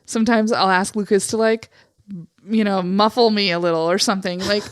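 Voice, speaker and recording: A young adult woman from Montana with vocal fry and a slightly raspy voice, co-hosting a podcast in candid casual chat full of "like" fillers. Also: medium pitch, steady tone, fairly quick, dry recording, clean studio sound. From Eastern Montana, USA. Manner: candid, frequent "like" fillers, swears freely. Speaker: podcast co-host.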